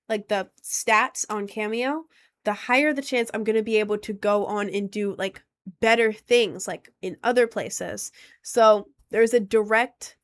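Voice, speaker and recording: A woman streamer chatting casually on a live stream, rambling with lots of fillers and restarts. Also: mid-range voice.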